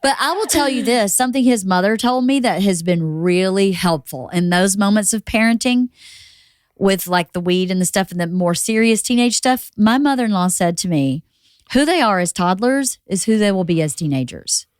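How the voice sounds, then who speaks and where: A woman's voice: mid-range voice, expressive, normal speed, no echo, clean studio sound. A woman in her forties, a mother co-hosting a podcast, telling parenting stories in an earnest, reflective way. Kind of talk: casual podcast chat.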